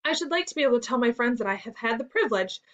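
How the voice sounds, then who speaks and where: A woman voicing a boastful, reckless male toad who is excitable and full of himself, in a storybook reading. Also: fairly high pitch, rapid-fire. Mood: scheming. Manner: excitable and self-admiring. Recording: dull lo-fi recording.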